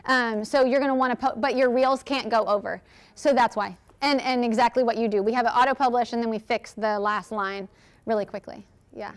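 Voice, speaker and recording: A woman giving a lively, chatty workshop talk, answering audience questions and acting out quotes. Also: on the high side, a little fast. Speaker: speaker at a workshop.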